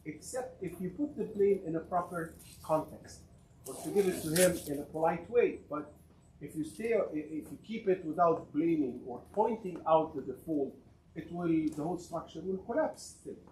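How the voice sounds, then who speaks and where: A man's voice: on the high side, animated, moderate pace, darkish tone. A man in the audience asking a question, hesitating and searching for words. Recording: echoey room, faint noise.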